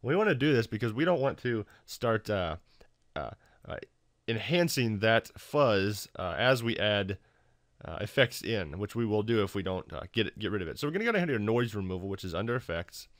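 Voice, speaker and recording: Man, low voice, casual tutorial narration, lots of fillers and restarts, dry close mic. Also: sing-song, brisk, no echo. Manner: loose, full of fillers and restarts. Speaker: YouTube tutorial maker.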